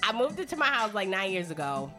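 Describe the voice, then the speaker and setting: Animated, cussing woman podcast host. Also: mid-range voice, fast, over music. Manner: animated storytelling, profane, acts out quotes loudly. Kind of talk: casual podcast chat.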